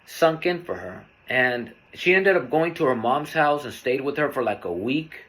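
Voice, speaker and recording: A man hosting a podcast, telling a personal story in a candid, earnest, unhurried way. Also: mid-range voice, expressive, fairly bright tone. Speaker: podcast host.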